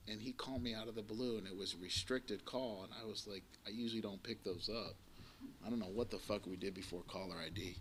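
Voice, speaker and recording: A man's voice: lowish voice, quick pace. Guy in his 40s sharing at a recovery meeting, blunt and cussing, rambles on, faint noise in the back. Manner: blunt, profane, rambling storyteller. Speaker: AA meeting speaker. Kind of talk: personal recovery share to a live audience. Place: community center meeting room. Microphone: live recording of a talk to an audience.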